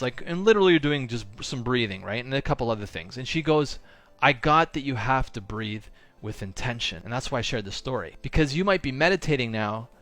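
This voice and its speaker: A spiritual coach and channel host tells a personal story in a casual monologue, his voice a little high with no room sound. He's an animated storyteller who acts out other people's lines and leans on fillers like "like" and "right?".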